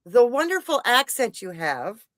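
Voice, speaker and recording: A woman's voice: on the high side, sing-song, a little slow, fairly bright tone, dry recording. Woman podcast host, gushing, eager, rambling, dry close sound. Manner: gushing, enthusiastic, rambling with restarts. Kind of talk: casual interview chat.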